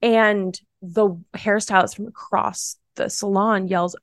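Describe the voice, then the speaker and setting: A young adult woman tells a personal story as a podcast guest, animated and chatty with plenty of "like" fillers. Her voice sits at an ordinary middle pitch. The sound is close and dry, with no room echo. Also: slow. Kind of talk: casual storytelling.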